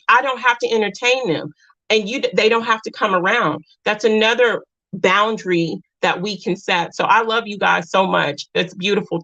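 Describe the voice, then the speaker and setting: Emotional woman host, bright lo-fi voice. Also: medium pitch. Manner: earnest, repeats herself, reads viewer comments. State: emotional, close to tears. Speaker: live-stream host. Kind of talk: casual live-stream talk.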